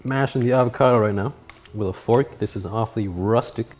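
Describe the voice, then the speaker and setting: A man hosting a casual cooking vlog in a home kitchen, talking in a joking, self-mocking way with sudden loud outbursts. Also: medium pitch, fairly quick, noisy background. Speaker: cooking video host.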